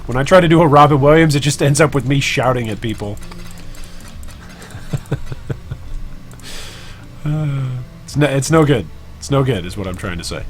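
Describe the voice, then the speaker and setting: A man hosting a casual live stream while trading, joking about himself and chatting with viewers. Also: mid-range voice. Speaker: gaming streamer and guild leader.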